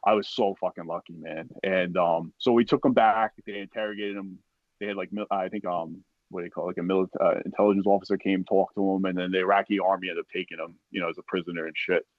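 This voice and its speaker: A low-voiced man tells a war story in a loose, profane way, jumping into other people's voices as he goes. The sound is dull and lo-fi, and the room is dry and close. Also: fast, no room sound. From United States. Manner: profane, animated, acts out quoted voices. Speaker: podcast guest, army veteran. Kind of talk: casual storytelling.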